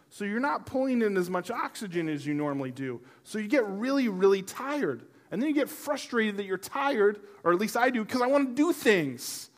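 A middle-aged man, a pastor preaching to a church congregation, telling a personal story with humor and animation, then turning softer and earnest. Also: sits high, expressive, moderate pace, hardly any pauses. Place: church service before a congregation.

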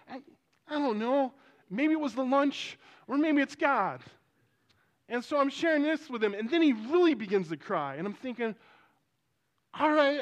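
A man, a pastor, telling a story in a sermon, animated and rising toward near shouting at its emotional peaks. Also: very high-pitched.

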